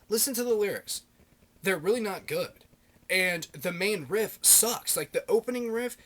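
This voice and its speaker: Profane ranting man, slightly high voice. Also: animated, moderate pace, fairly bright tone. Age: adult, married. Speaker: vlogger reviewing metal albums. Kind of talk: casual rant.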